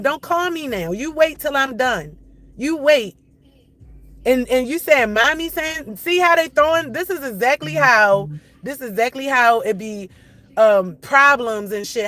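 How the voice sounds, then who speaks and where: A woman's voice: a little high, a bit bright, dry recording. A middle-aged woman venting to her livestream chat in a loose, casual way. She rants heatedly, swears freely and circles back over the same points. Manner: heated, profane, repetitive ranting. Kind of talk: casual live-stream venting.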